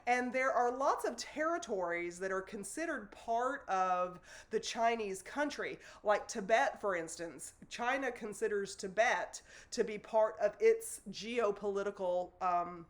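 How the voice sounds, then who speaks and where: A woman's voice: medium pitch, lively intonation, unhurried, hardly any pauses. A woman, teaching a sociology lesson to students in a loose, conversational way with fillers and self-corrections. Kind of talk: recorded classroom lecture. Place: classroom in front of a board.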